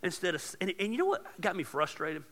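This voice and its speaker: A man preaching a sermon as pastor, casual and joking, building to loud emphatic points. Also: high-pitched, wildly swooping pitch, fairly quick, in a large hall.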